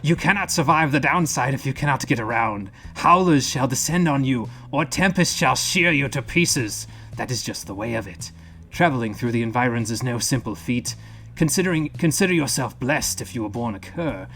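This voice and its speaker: A man voicing a gruff, gravelly male canine wanderer as he reads a journal entry from a video game, slow and measured. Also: mid-range voice, lively intonation, fairly bright tone. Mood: solemn. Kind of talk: game streamer reading in-game text aloud.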